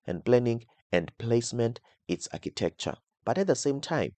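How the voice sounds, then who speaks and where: A man's voice: mid-range voice, darkish tone, no room sound. A man recording a coding tutorial, explaining step by step while thinking aloud, restarting words and checking in with "okay?" after nearly every point. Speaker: coding instructor.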